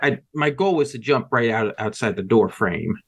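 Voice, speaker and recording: A man's voice: mid-range voice, animated, normal speed, a bit bright, slightly rough. A man playing a tabletop horror game, talking loosely, swearing and laughing easily. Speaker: player. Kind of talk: casual tabletop game chat.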